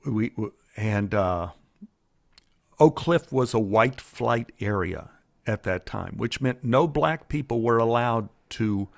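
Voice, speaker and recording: Give me a man in his sixties from Dallas, recounting his life as an animated storyteller. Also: mid-range voice, slow, gravelly, no room sound, clean studio sound. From Dallas, Texas. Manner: animated, acts out remembered voices. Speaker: guest storyteller. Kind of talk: conversational storytelling.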